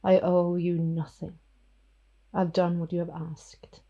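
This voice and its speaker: A woman's voice: on the low side, level tone, slow pace, dull audio. A woman voicing a defiant, protective male vampire who speaks coldly and firmly. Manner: cold and firm.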